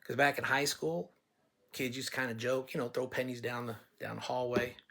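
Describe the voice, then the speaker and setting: A man's voice: mid-range voice, fairly even intonation, fairly quick, creaky, sharp tone, slight background noise. A man running for office, speaking straight to listeners in a blunt, folksy way and telling stories to make his point. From California. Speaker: political candidate. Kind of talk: campaign talk to listeners.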